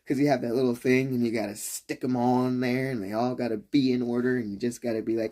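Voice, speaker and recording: A man's voice: mid-range voice, fairly quick, few pauses, darkish tone. A man ranting casually on a live stream, rambling and swearing, with frequent laughs. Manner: rambling, profane, laughs often. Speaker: livestreamer.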